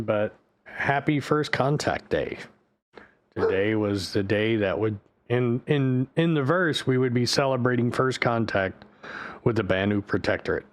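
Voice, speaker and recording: Rambling man chatting on a livestream. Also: mid-range voice. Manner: rambling, loose and profane. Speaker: streamer. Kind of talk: casual livestream chat.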